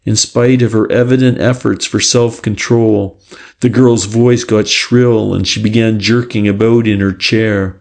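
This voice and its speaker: A man narrating an audiobook in a measured, even storytelling manner. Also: lowish voice, gravelly. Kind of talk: scripted narration.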